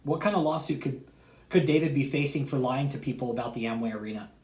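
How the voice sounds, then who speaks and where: A man in the middle of a heated, swear-heavy rant. His voice sits at an ordinary middle pitch. He lurches from loud outbursts to low, muttered sarcasm and keeps repeating himself. The sound is roomy and echoey. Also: fast. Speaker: online commentator. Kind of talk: heated profane rant to subscribers. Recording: roomy echo.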